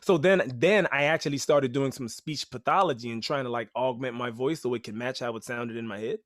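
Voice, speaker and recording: A man in a medium register tells stories as a podcast guest. He is animated and chatty, with plenty of "like" and "you know". The sound is dry and close. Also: mid-range voice, a little fast, dry recording. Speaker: podcast guest, rapper and teaching artist. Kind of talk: casual storytelling.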